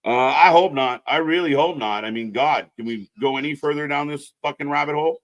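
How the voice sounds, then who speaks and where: A man's voice: fairly high pitch, fairly quick, lo-fi sound. A man co-hosting a live wrestling commentary stream, talking casually and bluntly, swearing and ranting with strong opinions.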